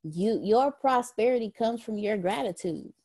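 A woman's voice: on the high side, animated, moderate pace, a little mellow. A woman facilitating a leadership class call, talking earnestly about gratitude, often repeating words. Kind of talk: motivational talk. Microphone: phone or video call.

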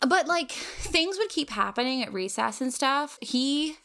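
Bright-voiced woman telling a wild story. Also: high-pitched, a little slow. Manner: animated, swears freely, lots of "like". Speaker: podcast co-host. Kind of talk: casual chat, storytelling.

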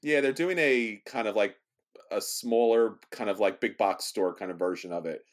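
A man's voice: fairly low pitch, moderate pace. Upbeat man hosting a game bracket. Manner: upbeat, announces matchups with laughs. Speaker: podcast host running the bracket. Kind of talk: casual chat.

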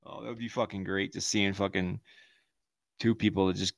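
A man co-hosting a podcast, trading crude jokes in a lively voice that jumps between high silly voices and low mutters. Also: moderate pace, gravelly, no echo. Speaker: podcast co-host. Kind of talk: crude comedic banter.

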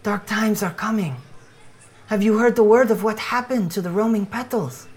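A woman's voice: medium pitch, normal speed, darkish tone, pitched above the performer's own voice, natural voice. A woman voicing a zealous female cow-like preacher with a put-on accent who makes solemn, sing-song proclamations. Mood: preaching.

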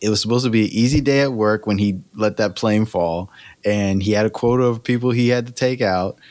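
A man's voice: lowish voice, brisk, darkish tone, dry recording. A man co-hosting a podcast who chats casually, rambling with many fillers and laughing often. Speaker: podcast co-host. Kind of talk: casual chat.

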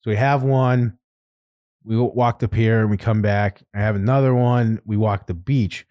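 A man's voice: lowish voice, moderate pace, no room sound. A man hosting a podcast who tells a story in casual chat, swearing freely and laughing often. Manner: laughing storyteller, profane and animated. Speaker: podcast host.

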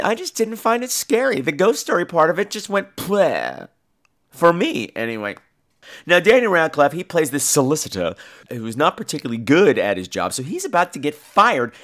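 A man hosting a podcast, casually reviewing a horror film, animated and jokey with casual swearing. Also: a little high. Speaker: podcast host.

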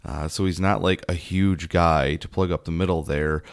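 A man co-hosting a casual football talk show, relaxed and measured, with some fillers. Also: deep voice, dry recording, clean studio sound. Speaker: sports podcast co-host.

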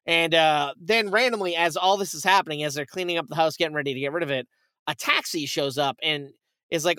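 A man retelling a movie plot in casual podcast chat, animated and swearing, acting out the characters' quoted lines. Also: a little high, smooth, dry recording. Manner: animated storytelling, swearing, quick quoted asides.

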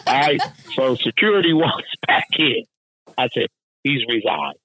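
A man telling a rowdy work story in casual chat, profane, animated and laughing often. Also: medium pitch, unhurried, a loud crowd, poor audio.

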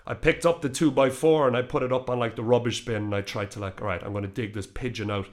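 A man in his thirties telling a story in casual chat, animated, swearing and laughing as he goes. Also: medium pitch, fast talker. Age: 30s.

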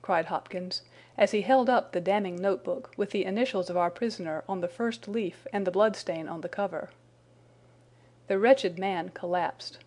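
An audiobook narrator with a medium-pitched voice reads a classic detective story. Her scripted narration is measured and even.

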